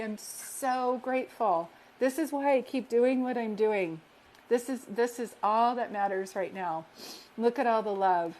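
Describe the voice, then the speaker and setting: A woman psychic medium speaks in a somewhat high voice during a live-stream reading. She is affectionate and earnest, calls the listener sweetheart, and repeats encouraging affirmations. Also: moderate pace.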